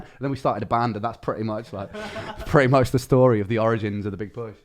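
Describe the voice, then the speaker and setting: A man's voice: lowish voice, fairly even intonation, quick pace, few pauses. A young man streaming live, telling a long story in casual chat, swearing and using slang freely.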